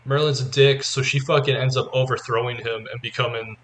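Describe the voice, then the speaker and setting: Rambling male podcast co-host, bright tone. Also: medium pitch, fairly even intonation, a little fast. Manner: rambling, heavy use of filler "like", eager explaining. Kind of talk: casual chat.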